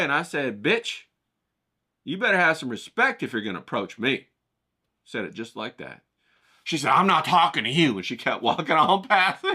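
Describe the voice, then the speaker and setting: A man's voice: on the high side, bright, forceful tone. A man telling a crude comic story in a brash, profane, rambling way, as a vlogger who paints.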